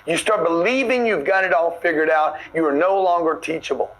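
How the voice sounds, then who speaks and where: A man delivers a forceful motivational talk, blunt and preachy as he pushes the listener to stop getting comfortable. His voice sits a little higher than most men's. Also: a little fast, poor audio. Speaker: motivational speaker.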